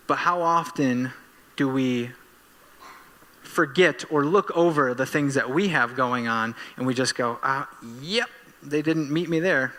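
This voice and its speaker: A man preaching a church sermon as pastor, animated and self-deprecating, bursting into excitement while telling stories. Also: medium pitch, long reverb tail. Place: church sanctuary.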